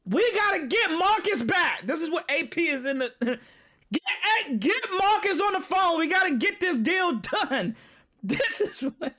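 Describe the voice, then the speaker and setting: A man's voice: very high-pitched, big pitch swings, measured pace, bright, forceful tone. A man reacting live to football news on a stream, ranting, swearing and laughing at his viewers.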